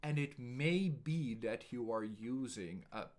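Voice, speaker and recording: A man teaching as an English speaking coach, talking calmly and deliberately with a pause every few words. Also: medium pitch.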